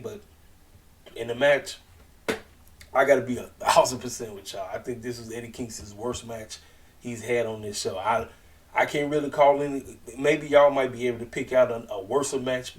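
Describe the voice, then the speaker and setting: A man with a mid-range voice, heard on a distant mic, gives a casual wrestling show recap. He's chatty and slangy, retelling scenes by acting out what people said in quoted voices.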